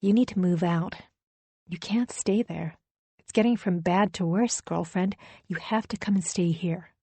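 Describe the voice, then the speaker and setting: Confiding girlfriend type, soft and hushed, lower-pitched and dry, read by a woman narrator. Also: unhurried, slightly rough, no room sound. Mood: coaxing. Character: gushing, conspiratorial female best friend. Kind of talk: audiobook character voice.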